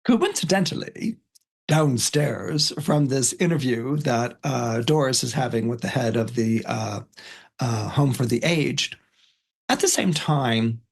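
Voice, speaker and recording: Man, podcast guest, casual film retelling, rambling, mid-pitched voice. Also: animated, slow, vocal fry, husky. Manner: rambling, many fillers and restarts, storytelling.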